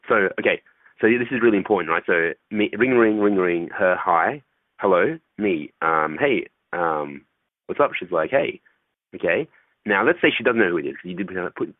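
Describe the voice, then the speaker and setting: Deep male voice, casual and profane, thin phone-line sound, dry. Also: no echo. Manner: loose, profane, acts out phone calls. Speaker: dating coach guest. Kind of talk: casual interview talk.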